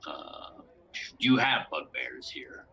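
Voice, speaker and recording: Brief: slow, bright-voiced tattooed warrior, played by a man. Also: lowish voice, big pitch swings, gravelly, voice pushed down, exaggerated voice. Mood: plain. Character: big tattooed male warrior mercenary.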